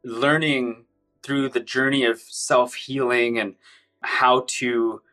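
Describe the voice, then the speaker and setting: A man's voice: medium pitch, little pitch movement, slow pace, pushed and bright, soft background music. A man recounting his own experience in an intense, run-on storytelling manner. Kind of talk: personal account, casual storytelling.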